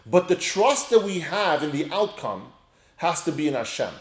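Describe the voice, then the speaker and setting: A man's voice: a little high, very animated, moderate pace, roomy sound. A man giving a casual Torah lesson, reading Hebrew phrases and explaining them with everyday examples. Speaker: Torah teacher.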